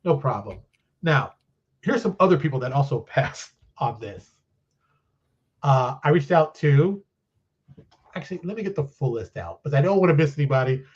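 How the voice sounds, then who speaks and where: Chatty guy on a remote call, kinda higher voice, muffled lo-fi sound, tells stories and acts out who said what. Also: moderate pace, pauses often, husky. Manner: animated storyteller who acts out quoted conversations; chatty, loose and self-deprecating. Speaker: game designer and publisher guest. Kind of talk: casual live-stream interview chat.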